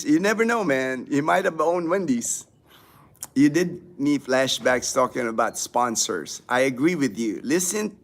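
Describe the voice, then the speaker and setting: A man hosting a casual livestream, chatting with viewers and reading their comments, rambling with many fillers and restarts. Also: fairly high pitch. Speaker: livestream host. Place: home in the Philippines.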